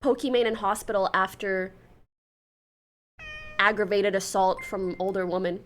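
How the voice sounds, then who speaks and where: A young woman streaming casually, telling a story in a chatty, animated way and swearing freely. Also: mid-range voice, moderate pace. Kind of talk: casual livestream chat.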